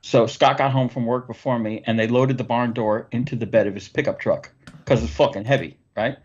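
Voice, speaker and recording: A man's voice: mid-range voice, steady tone, brisk, a little mellow. Profane storytelling man, lo-fi sound. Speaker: podcast host. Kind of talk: casual storytelling chat.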